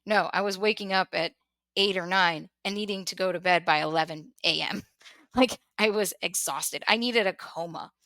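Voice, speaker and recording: A woman's voice: fairly low pitch, moderate pace, bright, forceful tone, dry recording. A woman hosting a podcast, talking candidly and emotionally about her own life, repeating words and laughing wryly. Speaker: podcast host. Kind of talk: candid personal conversation.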